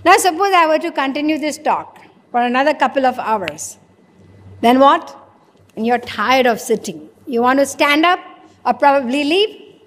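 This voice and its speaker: A spiritual teacher with an Indian English accent speaks in a high, clear woman's voice. She questions her listeners and voices both sides of imagined exchanges. The sound carries a long reverb, as in a large hall. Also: fairly bright tone. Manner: questioning, acts out dialogues with listeners. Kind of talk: religious discourse.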